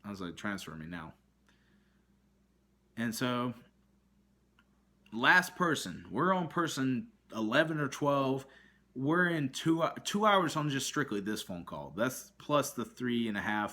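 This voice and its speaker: A man telling a ranting story about a long customer service call, animated and exasperated, acting out both sides of the conversation. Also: mid-range voice, slow pace. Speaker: vlogger.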